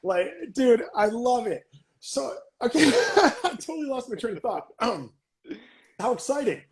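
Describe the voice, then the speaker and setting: A man hosting a casual interview podcast, excitable and gushing, often restarting his questions mid-sentence. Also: very high voice, a little slow, echoey room. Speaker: podcast host.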